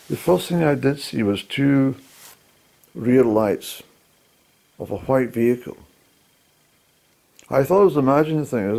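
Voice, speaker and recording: A man telling a personal story about a journey to camera, in a halting, rambling way with mild swearing. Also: medium pitch, creaky, dark tone. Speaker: hillwalker recounting a journey.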